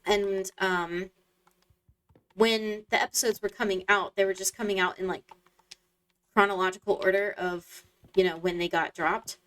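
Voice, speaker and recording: A woman's voice: medium pitch, steady tone, normal speed, pauses often, a bit bright. A young woman chatting casually while playing a game, rambling and losing her train of thought, with lots of fillers. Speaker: streamer. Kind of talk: casual chat while gaming. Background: faint game music.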